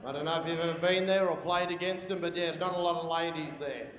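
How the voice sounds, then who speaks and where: An Australian man in his forties performs a crude stand-up routine in a large function hall, teasing the crowd. His fairly high voice is steady and fast, and the recording is echoey with a loud audience.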